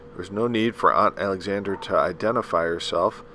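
A man reads a novel aloud with measured, dramatic pacing, stumbling now and then over a word. His voice sits somewhat low and has a bright, forceful edge, with a faint hiss underneath. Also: low-quality recording. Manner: measured, dramatic storytelling with a few slips. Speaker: audiobook reader. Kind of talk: scripted narration of a novel.

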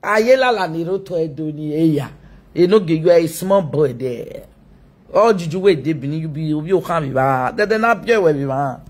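A woman's voice: deep voice, animated, moderate pace, a little mellow. A Nigerian woman ranting mockingly on a live video, scolding and laughing often.

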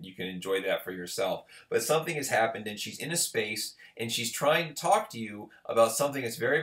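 A man giving a recorded literature lecture in a conversational way, often checking in with the listener. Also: on the low side. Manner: conversational, checks in with "right?" and "okay". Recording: roomy echo.

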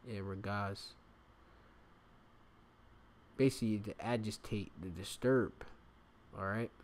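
Casting note: man with a lowish voice, relaxed bible teacher, reads verses then chats through them. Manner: reads scripture aloud, pausing to explain words with frequent fillers. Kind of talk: informal scripture lesson.

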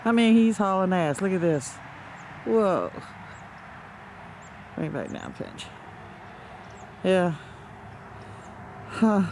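A man with a fairly high voice talks slowly, agitated and exasperated, swearing now and then. He is outdoors, recording through a handheld camera's built-in mic. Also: sing-song, a little mellow, a little hiss or hum. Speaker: amateur video maker. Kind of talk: handheld filming commentary. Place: outdoors under open sky.

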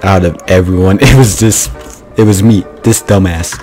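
A man's voice: deep voice, normal speed, rough recording. A man commentating on his own speedrun, exasperated and swearing as he berates himself. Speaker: speedrunning gamer. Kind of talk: frustrated gameplay commentary. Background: game music.

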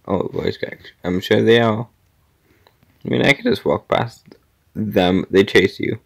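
A man's voice: on the low side, animated, moderate pace, creaky. A man giving casual commentary while playing an obstacle-course game, muttering to himself, sometimes dropping to a whisper and sometimes exclaiming at setbacks.

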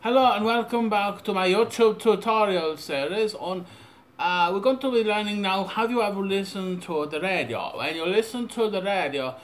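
A young man rambling through a deadpan, mock-serious audio software tutorial with absurd asides. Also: sits high. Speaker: tutorial maker.

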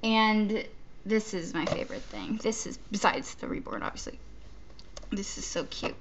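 A woman's voice: medium pitch, normal speed, lo-fi sound, background noise. A woman chatting casually while opening a gift box, gushing and stammering between giggles. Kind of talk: casual unboxing chat. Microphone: off-camera, not shown.

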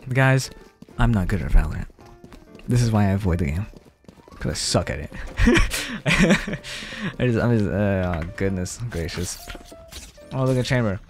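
A man streaming a shooter game, chatting casually and excitably, swearing and joking about his own play, close on his mic. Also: fairly low pitch, unhurried, pauses often, faint music behind. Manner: casual, profane, excitable, self-deprecating. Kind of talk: live gameplay commentary. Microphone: close desk mic with popping plosives.

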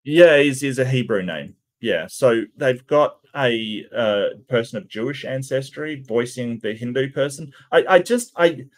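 A man's voice: mid-range voice, unhurried, few pauses. A man hosting a channel, giving casual reaction commentary in a hesitant way, with lots of stammered restarts and ums. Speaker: channel host reacting to cartoon clips.

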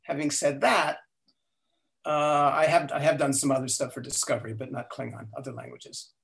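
An older man telling stories as an interview guest. He talks in an animated way, acts out the quotes and often restarts his sentences. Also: medium pitch, moderate pace, vocal fry. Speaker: guest, language inventor. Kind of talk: storytelling interview.

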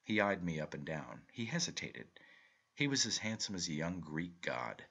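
A deep-voiced man reads a short story aloud in a measured, expressive first-person telling. His husky voice has a bright edge and roams widely in pitch. It sounds like an audiobook narration. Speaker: reader.

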